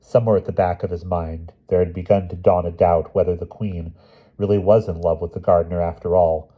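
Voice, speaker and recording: Low-voiced man reading a storybook aloud. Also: breathy edge, phone-quality sound. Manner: expressive, measured. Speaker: audiobook reader. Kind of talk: storybook narration.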